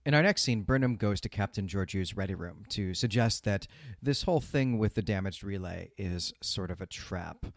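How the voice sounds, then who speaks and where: A man co-hosting a podcast, recapping in a measured way with frequent fillers and repeated words. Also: fairly low pitch, expressive, no room sound, studio quality. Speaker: podcast co-host. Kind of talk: casual recap chat.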